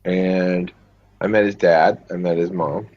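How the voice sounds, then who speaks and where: A man's voice: low voice, fairly even intonation, a little slow, a little mellow, lo-fi sound. A man hosting a casual chat with friends, talking with dry, wry humor. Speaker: host chatting with friends.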